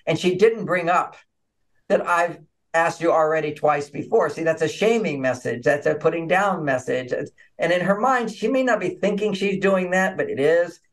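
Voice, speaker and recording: A man's voice: on the high side, normal speed. A man as an interview guest, telling stories and acting out little scenes of dialogue over a video call. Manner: animated, acts out quoted dialogue. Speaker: relationship author and interview guest. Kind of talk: conversational interview storytelling.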